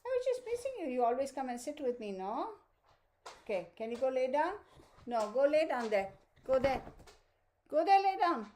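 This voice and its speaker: A woman's voice: high-pitched, sing-song, normal speed, long pauses, dark tone, a little hiss or hum. A woman hosting a tarot channel who chats casually with viewers, laughs often and baby-talks to her dog. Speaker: tarot reader, channel host.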